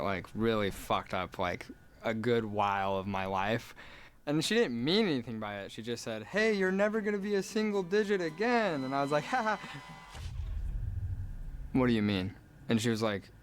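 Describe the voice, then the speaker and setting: A man's voice: medium pitch, clear, resonant tone. A young man telling a rambling personal story, packed with filler words. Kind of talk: storytelling trip report.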